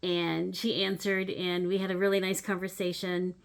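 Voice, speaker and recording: A woman in her fifties talks straight to her viewers in a relaxed vlog. She tells a story in a chatty, animated way, with plenty of "um"s. Her voice jumps up for the exciting parts and settles back down into soft asides. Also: on the low side, moderate pace, gravelly, smooth. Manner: animated storyteller, swings between loud acted-out moments and soft asides; chatty with frequent "um" fillers. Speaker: needlework channel host.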